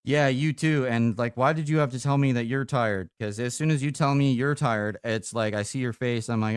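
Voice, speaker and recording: A young man talks casually on a live stream while on a phone call, tired and loose, with frequent swearing. His voice is smooth and clear. The mic is close and dry, with no room sound. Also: mid-range voice, normal speed, no room sound. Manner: casual and profane, laughing easily.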